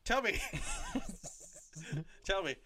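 A man's voice: high voice, expressive, extremely slow, pushed and bright. A man bantering playfully, reacting and teasing during an improvised story. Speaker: co-host. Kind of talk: comedic banter.

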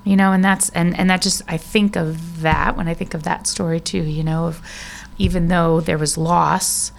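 A woman co-hosting a casual faith podcast, telling Bible stories with animated asides and many "you know"s. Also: on the low side, normal speed, gravelly. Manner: animated storyteller, reads scripture aloud, frequent "you know". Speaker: podcast co-host.

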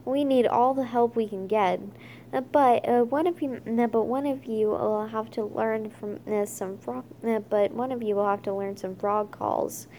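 A woman reading a children's chapter book aloud, halting often with fillers and restarts. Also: on the high side, steady tone, dark tone, a little hiss or hum. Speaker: reader.

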